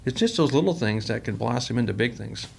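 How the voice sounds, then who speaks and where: A man's voice: medium pitch, expressive, quick pace, creaky, husky. A man, a company president, telling workplace stories in a rambling, casual interview style and acting out the quoted dialogue. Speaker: company president, podcast guest.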